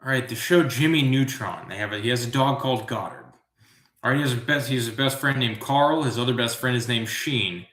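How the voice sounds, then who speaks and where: A man's voice: medium pitch, a little fast, fairly bright tone, roomy sound. Goofy rambling male trivia host. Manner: goofy, self-amused, riffs on tangents. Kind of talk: rambling live trivia commentary.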